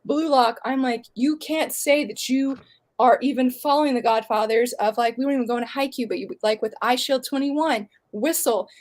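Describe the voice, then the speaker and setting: A woman's voice: high-pitched, normal speed, darkish tone. A young woman on a casual podcast chat, ranting passionately and apologizing for it. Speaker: guest.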